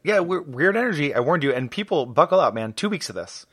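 A man's voice: a little high, very animated, fast, a bit bright, slightly rough, no echo. A man co-hosting a podcast in casual chat, tired and goofy, now and then breaking into silly singing. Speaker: podcast co-host.

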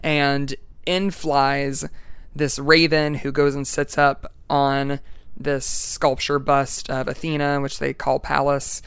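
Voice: medium pitch, level tone, takes it slowly, fairly bright tone, smooth, no room sound. A young adult student giving a casual class presentation and reading a poem aloud, chatty and full of "like" and "um".

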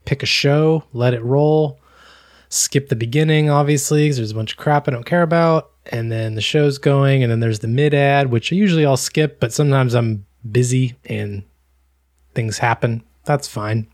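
A man's voice: medium pitch, moderate pace, a little mellow. A man with an American accent co-hosts a casual podcast. His voice sits in a middle register, and he tells stories in a sardonic, emphatic way. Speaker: podcast co-host. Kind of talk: casual chat.

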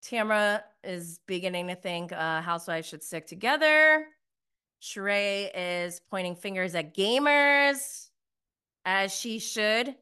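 Woman vlogger recapping a show; slow, bright, emphatic delivery, laughs easily. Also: medium pitch, smooth. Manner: chatty, emphatic, laughs often, filler "like". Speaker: TV recap reviewer. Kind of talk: casual recap commentary.

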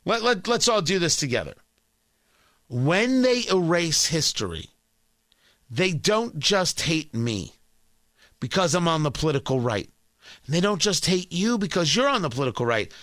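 Man, sarcastic political monologue, high lively voice, bright, dry close sound. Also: normal speed, long pauses, no echo. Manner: sarcastic, indignant, mocking voices. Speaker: political commentator. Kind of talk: opinion monologue.

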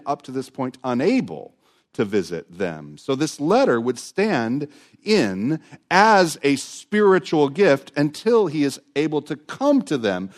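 A man preaching a sermon as pastor, emphatic and animated, often dropping his voice low and soft at the ends of phrases.

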